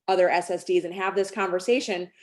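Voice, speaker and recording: A woman's voice: fairly low pitch, steady tone, fast talker. A woman, a sales team director, telling a rambling personal story on a team call, full of fillers and restarts.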